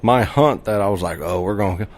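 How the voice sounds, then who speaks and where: A man appearing as a podcast guest, telling stories in casual chat, animated and full of laughter, often restarting his sentences and acting out quoted lines. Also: fairly low pitch, a little fast. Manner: acts out quoted dialogue.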